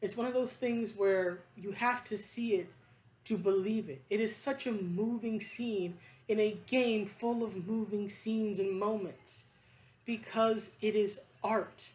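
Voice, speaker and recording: A woman's voice: medium pitch, steady tone, measured pace, a little mellow. A woman vlogger talking in a rambling, passionate monologue, emphatic and choked up, with restarts and fillers.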